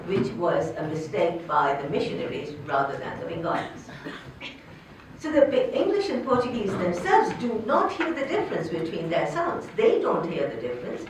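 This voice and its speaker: An older woman, a linguistics professor, giving an academic lecture, explaining points and putting questions to her audience. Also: a little hiss or hum. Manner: explanatory, poses questions to the audience, lively pitch. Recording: echoey hall, distant from the mic.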